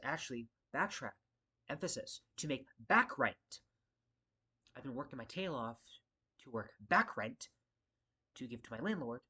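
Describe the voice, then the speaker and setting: Frustrated and profane, a Las Vegas-area man who works security rants in a casual vlog, wandering off and returning to the same points. His medium-pitched voice is a bit bright and slightly rough.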